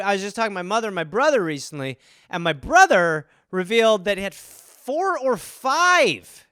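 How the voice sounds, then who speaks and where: A man's voice: sits high, a bit bright, no echo, clean studio sound. A man hosting a podcast, rambling through a comedic solo monologue and acting out voices. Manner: rambling, acts out voices in bits. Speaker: podcast host.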